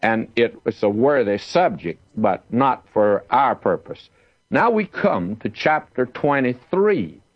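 A man's voice: mid-range voice, very animated, slow, no echo, dull audio. A man teaching the Bible verse by verse, reading scripture aloud with emphasis.

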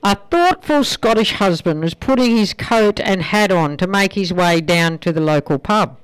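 A radio presenter chats playfully on air, telling jokes between songs. The voice is smooth and clear, at a middling pitch. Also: lively intonation, normal speed, poor audio. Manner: chatty, playful. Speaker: radio host.

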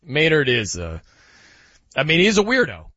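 A man's voice: a little high, huge pitch swings, normal speed, sharp tone, no echo. A man hosting a sports talk radio show, talking casually with loose restarts. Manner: casual, conversational, trailing restarts. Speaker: radio host. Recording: lo-fi radio broadcast.

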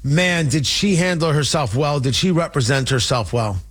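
A man's voice: a little high, animated, moderate pace, a bit bright, husky. A man hosting a political opinion show, talking in an indignant, mocking and emphatic monologue. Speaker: talk show host.

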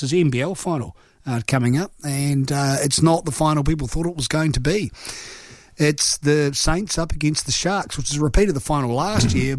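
A man's voice: medium pitch, dry recording, studio quality. A middle-aged man from New Zealand hosting a sports radio show, chatty and joking at his own expense, rambling with filler words. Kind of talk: casual live radio chat.

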